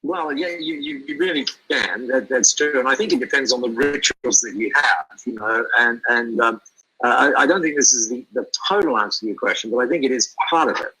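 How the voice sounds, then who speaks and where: Bright, husky-voiced man chatting animatedly. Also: medium pitch, brisk, low-quality recording. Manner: animated, repeats words as he thinks aloud. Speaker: speaker and guest. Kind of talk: conversational interview.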